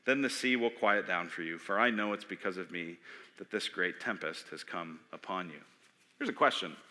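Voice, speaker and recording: A man preaching a sermon as pastor, animated, asking questions and acting out voices. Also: deep voice, normal speed. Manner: animated, acts out voices, asks the audience questions. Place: church sanctuary. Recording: long hall reverb.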